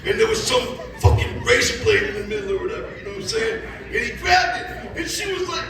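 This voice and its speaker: A man in his fifties telling a profane, animated story to a live crowd, laughing and shouting punchlines. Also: extremely high pitch, quick pace, music in the background. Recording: echoey live venue from far off with loud crowd.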